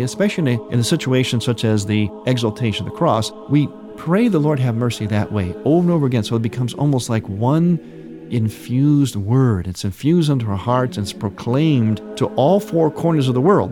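A man's voice: medium pitch, dark tone. A man, a priest hosting a religious radio program, explaining liturgy in an earnest teaching manner with emphatic repetition. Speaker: priest and radio show host.

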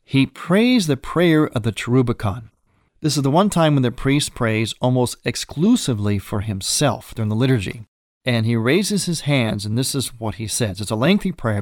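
A man, a priest, explaining the liturgy in a measured, reverent way and reading prayers aloud, rising in pitch on key words. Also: expressive, no room sound, clean studio sound.

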